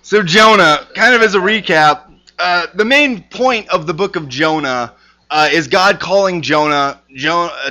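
Bright-voiced man teaching Bible lesson. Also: medium pitch, smooth, dull audio. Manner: conversational, lots of fillers and restarts.

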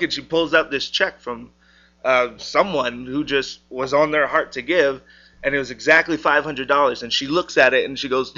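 A man's voice: on the high side, moderate pace, bright, forceful tone. A young man sharing a personal testimony in a casual storytelling way, acting out the voices in his story. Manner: casual storytelling, acts out quotes. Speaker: church member sharing a testimony. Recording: dull lo-fi recording.

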